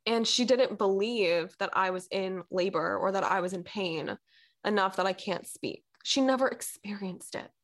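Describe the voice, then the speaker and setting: A woman's voice: medium pitch, normal speed. A young woman who is a blogger, chatting casually and telling a personal story with lots of "like", acting out the people she quotes and sometimes dropping to a near-whisper. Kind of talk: casual chat.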